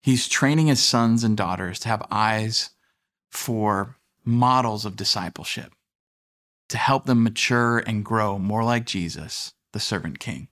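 A man in his thirties preaching a sermon in a relaxed, conversational way, mixing scripture with self-deprecating family stories. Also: lowish voice, a little slow. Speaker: pastor.

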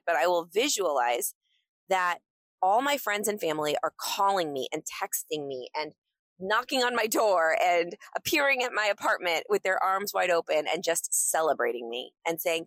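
A woman's voice: fairly low pitch, a bit bright, no echo. A woman hosting her own podcast, talking enthusiastically and encouraging the listener directly in a motivational monologue. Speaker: podcast host.

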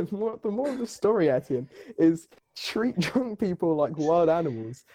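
A young man tells a story with lively energy. His voice sits a touch high but sounds mellow and warm, and the dry recording keeps it close and free of any room sound. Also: normal speed, no echo. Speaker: podcast guest. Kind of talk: casual storytelling chat.

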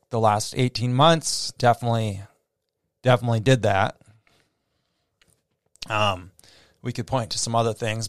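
A man with a Midwestern accent talks through a casual solo podcast, circling back with fillers and false starts. His voice is smooth and resonant. He is recorded close on a mic in a dry room. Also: medium pitch, no room sound. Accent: American Midwest. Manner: rambling, many fillers and restarts. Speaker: podcast host.

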